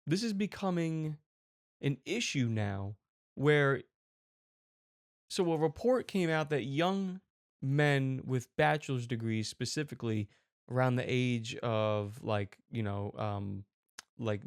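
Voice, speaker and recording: A man's voice: mid-range voice, no echo, clean studio sound. A man in his twenties hosting a commentary show, ranting angrily and sarcastically with lots of swearing. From United States. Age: 20s. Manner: angry, profane, sarcastic.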